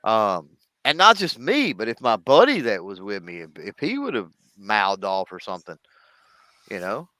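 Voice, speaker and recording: Animated man telling a story. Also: on the low side, normal speed, no echo. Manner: animated storyteller acting out quoted voices. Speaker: show regular telling a story. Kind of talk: casual chat.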